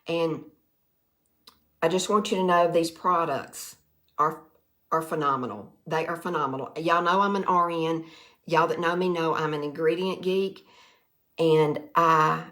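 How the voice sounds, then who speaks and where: Speaking to camera in a low-pitched, somewhat bright voice, this direct sales vlogger talks a little slowly and pauses often. She's a middle-aged Southern woman from the Mississippi Delta delivering an earnest, folksy, heartfelt testimonial, frequently repeating herself.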